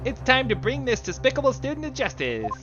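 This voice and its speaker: A man's voice: extremely high pitch, wildly swooping pitch, fairly quick, dull audio, pitched above the performer's own voice, full character voice. A man voicing a smug male prosecutor who declaims in a pompous way, over game music.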